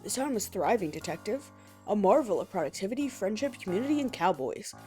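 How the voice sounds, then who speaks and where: A woman's voice: medium pitch, sing-song, a little fast, mellow, faint music behind, natural voice. A woman voicing an earnest male lobster police officer in a game, with a pompous storytelling manner. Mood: self-important.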